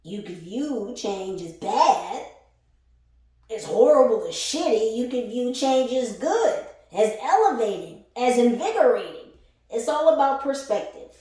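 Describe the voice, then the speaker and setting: A woman's voice: a little high, big pitch swings, measured pace, dark tone. A woman giving a casual spiritual reading to her followers, blunt and profane, often laughing as she talks. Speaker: spiritual tarot reader. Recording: echoey room, far from the mic.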